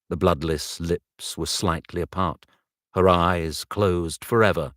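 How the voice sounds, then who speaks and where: A man narrating an audiobook, reading slowly and carefully and stopping now and then to retake a line. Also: low voice, no room sound, studio quality. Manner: slow, measured reading with retakes. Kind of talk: audiobook narration recorded live.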